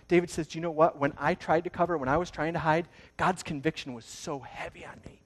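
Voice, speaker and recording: A man preaching a sermon, telling a story dramatically and swinging between loud bursts and hushed moments. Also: on the high side, fairly even intonation, fast talker, few pauses. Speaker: pastor.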